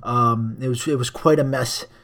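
A man's voice: medium pitch, steady tone, moderate pace, fairly bright tone. A young man hosting a solo podcast, rambling through a crude, profane comic rant into a cheap microphone. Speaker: podcast host.

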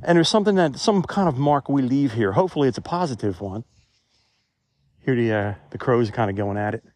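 A vlogger walks through a cemetery, holding his phone and talking into it in a brisk, medium-pitched voice with a darkish tone. His reflective vlog wanders along in a rambling, conversational way.

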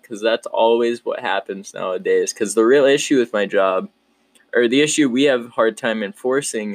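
Laid-back young man, low dry voice. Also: no room sound. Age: 20s. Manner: rambling, upbeat, with frequent restarts and laughs. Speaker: podcast host. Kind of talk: casual solo podcast chat.

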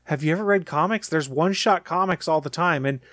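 A man with a slightly higher voice co-hosts a podcast, giving his opinions in a relaxed, conversational way. The recording is close and dry, with no room sound. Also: a little fast, no echo. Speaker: podcast co-host. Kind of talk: casual chat.

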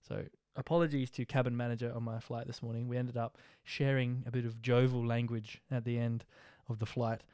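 Young aussie bloke ranting about his flight, slangy and animated, dry close mic. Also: medium pitch, brisk, few pauses, smooth, dry recording. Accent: Australian. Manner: animated, slangy, jokey rhymes. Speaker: social media vlogger. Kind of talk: casual storytelling.

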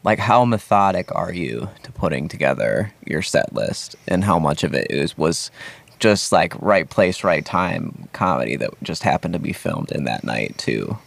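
A man's voice: sits low, very animated, normal speed, vocal fry, dry recording. A male host asking long, rambling questions in a casual interview. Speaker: podcast host.

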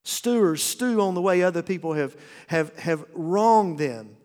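A middle-aged man preaching from the pulpit with a high, light voice that rings out with the long reverb of a church hall. His delivery is folksy and humorous, and he often stumbles and restarts his sentences as he works the room. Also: animated, unhurried, a little mellow. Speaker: pastor. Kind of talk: sermon. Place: church auditorium.

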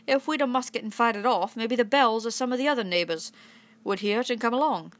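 Woman voicing a young farm lad, older brother, quiet, practical, storybook reading. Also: a little high, fast, lightly acted.

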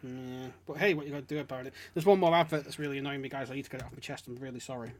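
A man's voice: medium pitch, fairly even intonation, rapid-fire. A man hosting a podcast, ranting and swearing in casual mocking chat. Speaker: podcast host.

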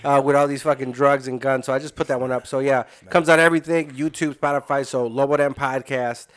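A young man, a podcast guest, telling profane, animated comedic stories in casual chat. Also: mid-range voice, a little fast.

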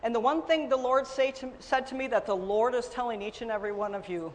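A middle-aged woman preaching a sermon, telling her own story with emphatic swings between loud and soft. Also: mid-range voice, fast talker, hardly any pauses, long reverb tail, a little hiss or hum.

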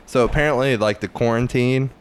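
A young man co-hosting a casual podcast, brash and quick to swear. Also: mid-range voice, smooth. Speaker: podcast co-host.

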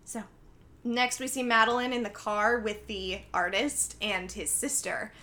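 Bright, animated young woman recapping a film. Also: on the high side, unhurried. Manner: animated storytelling, acts out quoted lines. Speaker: podcast co-host recapping a film. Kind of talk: casual chat.

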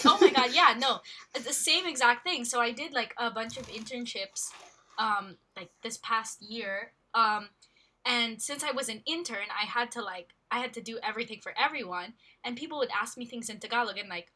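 A woman's voice: a little high, normal speed, sharp tone, a little hiss or hum. A young woman from the Philippines, co-hosting a casual podcast and chatting with eager agreement. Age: young adult. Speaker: podcast co-host. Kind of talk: casual chat.

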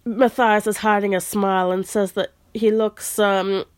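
A woman in casual chat, relaxed, retelling a book's story in her own words with asides. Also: medium pitch, measured pace. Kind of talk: casual chat, reading a book aloud.

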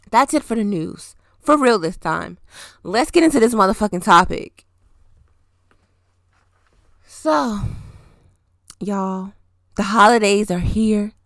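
A young woman hosting a podcast, ranting in casual, profane, exasperated commentary that rises to loud outbursts. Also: a little high, dry recording, studio quality. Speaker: podcast host.

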